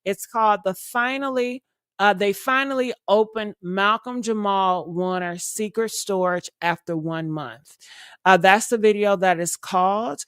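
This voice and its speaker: Young woman streamer rambling to her chat, smooth voice, super dry sound. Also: medium pitch, unhurried, fairly bright tone, no room sound. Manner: loose, chatty, rambling with fillers and laughter. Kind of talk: casual live-stream chat.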